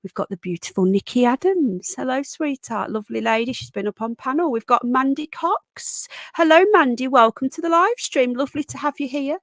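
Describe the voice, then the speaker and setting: A woman's voice: sits high, lively intonation, a little fast, few pauses, dry recording, clean studio sound. A woman hosting a live stream, chatting and rambling as she greets viewers and often breaks off mid-sentence. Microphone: close desk microphone.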